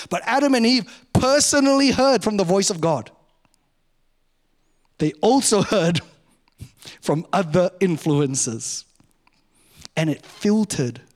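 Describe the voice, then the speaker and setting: A middle-aged man, a pastor, giving a sermon in a conversational, self-mocking way, speeding up and slowing down often. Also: sits high. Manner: conversational, self-mocking, varies pace a lot.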